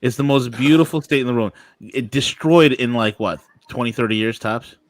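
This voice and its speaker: A man from New York hosting a casual chat, emphatic and quick to agree. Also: medium pitch, dry recording.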